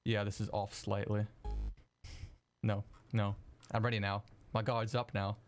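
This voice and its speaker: Excitable young man, live-stream chat. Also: lowish voice, unhurried, faint music behind. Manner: excitable, swears freely, laughs often. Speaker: streamer editing video live.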